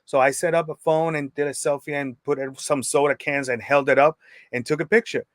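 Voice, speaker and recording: A man's voice: fairly high pitch, steady tone, a little fast, no echo. A man from New York, a wrestling photographer, talking easily as a podcast guest. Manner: easygoing, rambling with fillers. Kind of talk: casual interview chat.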